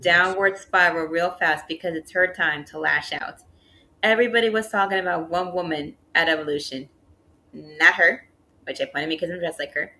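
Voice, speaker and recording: A woman co-hosting a casual wrestling review show, recapping segments in a steady, matter-of-fact way. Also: fairly low pitch, moderate pace, poor audio. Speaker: podcast co-host.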